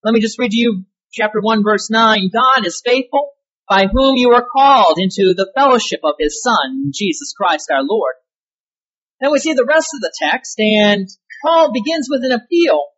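A woman's voice: fairly high pitch, animated, moderate pace, lo-fi sound. A woman pastor preaching a sermon in an emphatic way, stressing key words and asking rhetorical questions.

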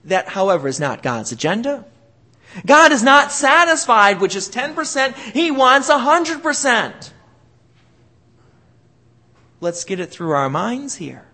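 A man delivers a sermon with a high, bright and forceful voice. His pitch leaps up and down as he stresses words for effect, giving the preaching a lively, dramatic sway. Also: a little slow, pauses often. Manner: emphatic preaching with dramatic swings in emphasis. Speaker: pastor.

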